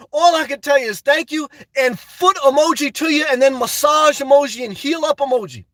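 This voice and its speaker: A man live-streaming, chatting to viewers in a high-energy, effusive way as he answers their messages. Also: a little fast, few pauses, bright, forceful tone, no echo. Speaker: live streamer reading chat and donations. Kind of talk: casual live-stream chat.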